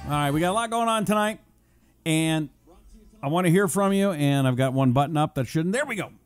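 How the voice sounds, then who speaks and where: A man hosting a live talk show, reading out viewer check-ins between quick jokes and asides. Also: on the high side, animated, smooth, soft background music. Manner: jokey, breezy, quick asides. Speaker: radio talk show host.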